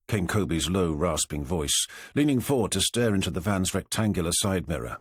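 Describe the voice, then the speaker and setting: A man, narrating an audiobook in a measured, expressive way, on a close studio microphone. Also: sits low, slightly rough, no room sound.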